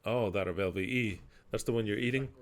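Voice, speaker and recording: A man's voice: fairly low pitch, fairly quick. Impassioned male preacher reading scripture. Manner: impassioned, sarcastic, swears, swings from loud to muttered.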